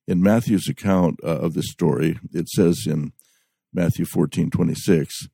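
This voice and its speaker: A man's voice: deep voice, a little slow, gravelly, warm tone, slightly rough, no room sound. A man giving a Bible study talk, reading scripture aloud with frequent restarts and fillers. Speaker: Bible teacher.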